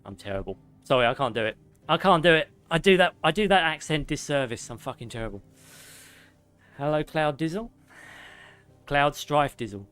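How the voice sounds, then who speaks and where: A young man streaming a game, reading lore slowly and drawn-out, with joking banter in between. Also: a little high, animated, fairly bright tone, clear, resonant tone, faint music behind. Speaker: gaming streamer.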